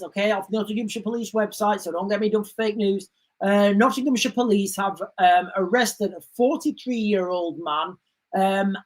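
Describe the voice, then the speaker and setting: Rambling man hosting a livestream. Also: high voice. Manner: rambling, repeats words and restarts, addresses viewers as guys. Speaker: livestream host. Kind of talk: casual political commentary stream.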